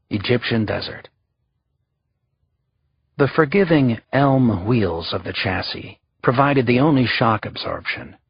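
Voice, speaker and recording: A man reading a historical thriller audiobook in a steady, measured narration. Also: medium pitch, gravelly, breathy edge, dry recording, muffled recording. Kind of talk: scripted narration.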